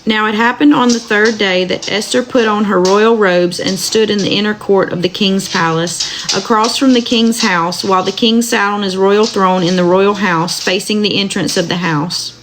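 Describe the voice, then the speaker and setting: Lady reading the bible slow at home, noisy recording, medium voice. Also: medium pitch, fairly even intonation. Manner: slow, tender reading, chats with viewers. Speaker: Bible reader. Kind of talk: live-streamed Bible reading with chat asides. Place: home with dogs running about.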